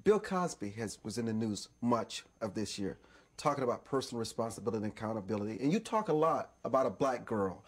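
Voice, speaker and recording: A man's voice: lowish voice, animated, fast talker, slightly rough. A man hosting a TV interview, asking earnest, probing questions. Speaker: TV interview host. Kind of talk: broadcast interview.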